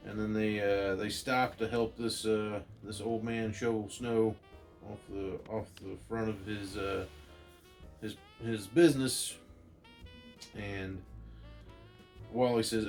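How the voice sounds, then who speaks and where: A man's voice: lowish voice, fairly even intonation, slow, long pauses, a little mellow, soft background music. A man casually retelling a comic book story aloud, loose and full of fillers. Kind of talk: casual read-aloud narration.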